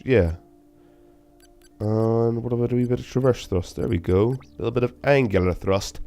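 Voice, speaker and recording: A young man giving casual, self-mocking game commentary, with sudden loud bursts of excitement. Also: mid-range voice, normal speed, soft background music. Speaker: gaming channel host.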